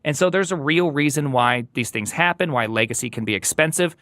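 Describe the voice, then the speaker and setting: A man's voice: a little high, fairly quick, sharp tone, no room sound, studio quality. A man speaking as a guest in a casual podcast conversation, emphatic and opinionated, driving points home by repeating them. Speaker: podcast guest, software engineer.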